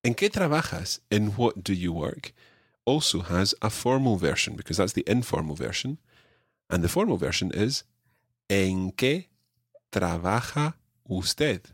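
A man teaching a podcast language lesson, drilling his learner with clear repeated phrases. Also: on the low side, sing-song, unhurried, no echo, clean studio sound.

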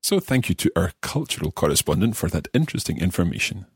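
Brief: male podcast teacher, low and slightly husky, lively intonation, clear and friendly. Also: quick pace. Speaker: language course host. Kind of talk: language lesson podcast.

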